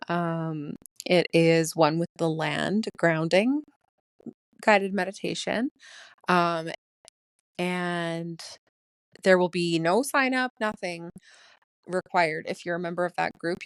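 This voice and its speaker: A woman hosting her own podcast, talking fast and excitedly in a casual solo chat with frequent ums. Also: fairly low pitch, clear, resonant tone, dry recording. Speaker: podcast host.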